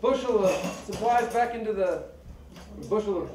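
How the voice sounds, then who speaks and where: A man's voice: sits high, normal speed, noisy background. A man telling long jokes on stage at a family variety show, slipping into voices for the people in them. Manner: loose storyteller, puts on voices for the people in his jokes. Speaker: comedian in a family variety act. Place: large hall, live show. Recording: echoey hall from far off, loud crowd. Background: crowd.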